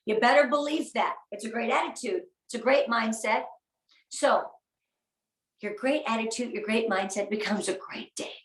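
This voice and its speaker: A woman's voice: a little high, normal speed. Upbeat woman speaker in an echoey room. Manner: upbeat, earnest, has the audience repeat phrases. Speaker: guest speaker at a sales training. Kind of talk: motivational talk. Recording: echoey room, voice a bit far from the mic.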